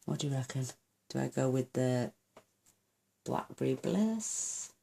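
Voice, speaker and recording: Gravelly, gushing woman crafter. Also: very deep voice, expressive, measured pace, warm tone. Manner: chatty and gushing, thinking aloud while working. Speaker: craft channel host. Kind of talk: casual card-making tutorial.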